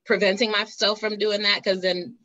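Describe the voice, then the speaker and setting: A woman host speaking reflectively in a live interview, pausing and restarting as she thinks. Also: medium pitch, level tone, sharp tone, no echo, muffled recording. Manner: reflective, halting, with fillers.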